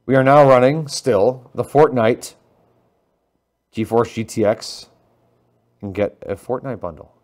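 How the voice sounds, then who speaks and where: A man co-hosting a casual tech and gaming livestream, joking and quick to get excited. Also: mid-range voice. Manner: joking, excitable, self-mocking. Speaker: livestream co-host.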